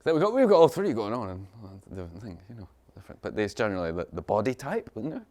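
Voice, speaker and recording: A man teaching meditation in a casual, rambling way, repeating phrases, chuckling often and mimicking people in sudden high voices. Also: very animated, fast, darkish tone. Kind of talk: informal spiritual talk.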